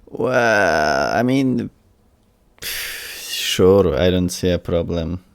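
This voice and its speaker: Guy in a tabletop game, kinda low and lively, asking stuff, dry mic. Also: very slow, clean tone, no echo. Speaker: player. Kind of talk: casual tabletop chat.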